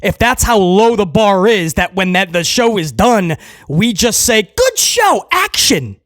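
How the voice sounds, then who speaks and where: A man's voice: sits high, measured pace, no room sound, clean studio sound. A man hosting a casual wrestling commentary show, ranting with sarcasm and mocking people in put-on voices.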